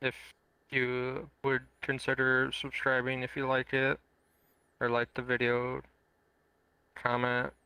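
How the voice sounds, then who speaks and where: Man, podcast host, casual chat, slow pace, dry close sound. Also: medium pitch, smooth, dry recording, rough recording. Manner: relaxed, joking, slightly rambling.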